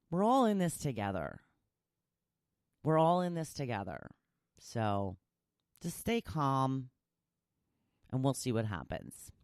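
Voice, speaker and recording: A middle-aged woman with a low voice hosts her own casual solo podcast, chatting in a goofy way and laughing between thoughts. The recording is dry and clean, with studio sound.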